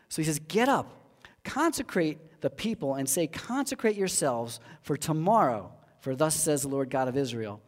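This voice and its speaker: A man's voice: mid-range voice, darkish tone, in a large hall. A man preaching a sermon, reading scripture aloud and talking it through conversationally, often checking in with his listeners.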